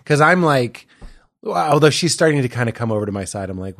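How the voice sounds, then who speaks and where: Playful joking man, lively pitch. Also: brisk, creaky, no echo, studio quality. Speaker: podcast guest. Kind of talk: casual chat. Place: at the host's home.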